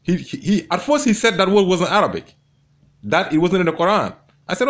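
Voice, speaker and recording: A man's voice: high voice, big pitch swings, a little fast, fairly bright tone. A man commenting on a debate, gloating and mocking his opponent with much repetition. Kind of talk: commentary over debate clips.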